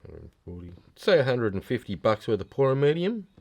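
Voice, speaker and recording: A man's voice: mid-range voice, sing-song, a little fast, creaky, a little mellow. A man co-hosting a casual fluid art video, easygoing and teasing, sounding tired. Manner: easygoing, teasing, laughs often. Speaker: co-host of a fluid art channel. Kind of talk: casual chat while demonstrating.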